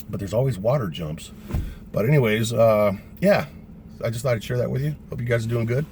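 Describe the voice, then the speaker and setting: Profane ex-paratrooper telling a story. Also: male voice, medium pitch, fairly quick, darkish tone, slight background noise. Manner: profane, conversational, lots of "man" and "you know". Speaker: vlogger, former paratrooper. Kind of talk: casual storytelling.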